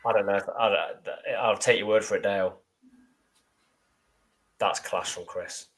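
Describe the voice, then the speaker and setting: A man co-hosting a live football fan show, chatting casually with dry, deadpan jokes and reading out viewer comments. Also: fairly low pitch, measured pace. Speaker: podcast co-host.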